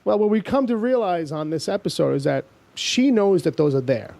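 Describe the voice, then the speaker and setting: A man's voice: high voice, expressive, moderate pace, creaky, a little mellow, no echo. A man hosting a casual TV recap podcast, rambling with lots of fillers and acting out the scenes he describes. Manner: rambling, fills with "um" and "like", acts out scenes. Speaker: podcast host.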